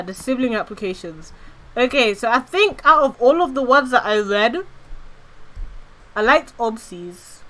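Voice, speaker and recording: Woman, bright voice, giggly rambling livestream chat, casual swearing. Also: fairly high pitch. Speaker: VTuber streamer.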